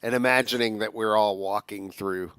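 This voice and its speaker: A man's voice: on the low side, fairly even intonation, moderate pace, fairly bright tone, clear, resonant tone, no echo. A man hosting a podcast and chatting casually, steering the conversation between guests. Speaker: podcast host. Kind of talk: casual chat.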